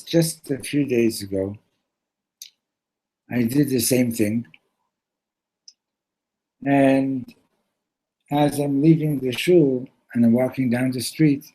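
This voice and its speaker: A man at a yeshiva gathering retelling a Hasidic story in a heartfelt, animated way, mixing in Yiddish and Hebrew words. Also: medium pitch, husky, rough recording.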